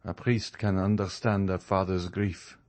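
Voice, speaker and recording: A man's voice: low voice, little pitch movement, unhurried, darkish tone. A man reading an audiobook who voices a grieving father in a formal, restrained manner.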